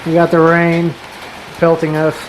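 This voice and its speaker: A man's voice: fairly high pitch, completely flat delivery, unhurried, echoey room, slight background noise, low-quality recording. A man cooking outdoors by a fire pit in the rain, joking and laid-back in casual chat.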